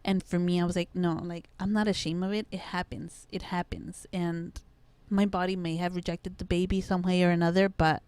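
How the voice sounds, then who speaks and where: Halting woman guest with a dry sound. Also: fairly low pitch, little pitch movement, darkish tone, clear, resonant tone, no echo. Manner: halting, many restarts and "like"s, voices her child in quotes. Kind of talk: emotional personal story in casual conversation.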